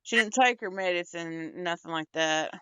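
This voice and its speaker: A woman's voice: lowish voice, normal speed, bright, forceful tone, clear, resonant tone, no echo, muffled recording. A young woman in casual, candid chat, blunt and rambling, swearing a lot. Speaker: podcast co-host.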